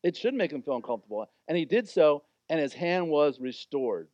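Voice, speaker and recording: A man's voice: on the high side, sing-song, brisk, a little mellow, dry recording, muffled recording. A man preaching a sermon as pastor, talking in an informal, conversational and emphatic way.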